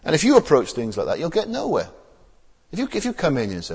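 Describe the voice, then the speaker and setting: A man's voice: medium pitch, wildly swooping pitch, quick pace, darkish tone, husky, long reverb tail. A man preaching a sermon in a plain, conversational way, with many rhetorical tag questions and frequent hesitations and repeated words.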